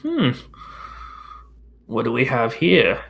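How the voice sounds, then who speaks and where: A man's voice: medium pitch, huge pitch swings, slow, creaky, a bit bright, slight background noise, exaggerated voice. A man voicing a cruel male prison jailer who taunts and mocks his prisoners with contempt, during a tabletop game. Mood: leering.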